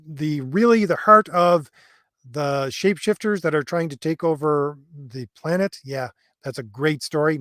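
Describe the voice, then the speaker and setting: A man's voice: a little high, no room sound, studio quality. Rambling middle-aged man reading comments. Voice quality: voice that others hear as an old man's. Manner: rambling, with many fillers and chuckles. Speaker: host. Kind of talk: chatty livestream comment reading.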